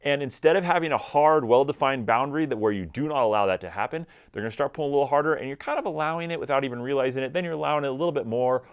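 A man giving energetic, conversational dog training advice directly to his viewers. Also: mid-range voice, very fast, few pauses, clear, resonant tone. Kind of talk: instructional talk to camera.

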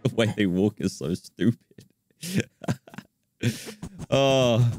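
A young man giving casual, joking commentary as he plays a video game, excitable and quick to laugh. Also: lowish voice. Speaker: gaming YouTuber. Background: game music.

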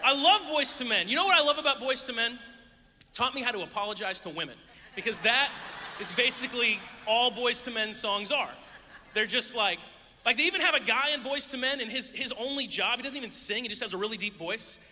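Male preacher, sermon delivery, very bright tone, playful storytelling with voices, echoey hall. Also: very high-pitched, a little fast, slight background noise. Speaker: youth pastor. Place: church hall with audience.

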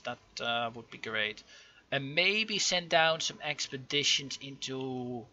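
A young man giving casual, rambling commentary over a strategy game, full of ums and self-corrections, with excitable outbursts. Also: mid-range voice. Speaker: gaming channel host. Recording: dull lo-fi home mic.

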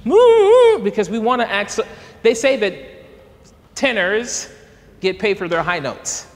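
A man, a tenor, coaching a young singer in a masterclass with an encouraging, animated manner that breaks into laughter. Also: high-pitched, a little slow. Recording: reverberant hall.

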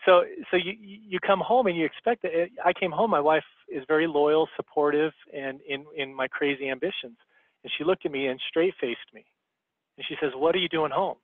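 A man's voice: fairly high pitch, dry recording. A man giving a motivational talk as a guest speaker on a team call, coaching his listeners and checking in with "okay?". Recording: tinny phone line.

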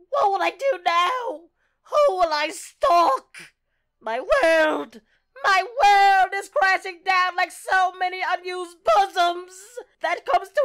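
A man's voice: very high-pitched, fairly bright tone, full character voice. Man doing a sobbing, lovesick stalker woman. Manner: wailing, sobbing, over the top.

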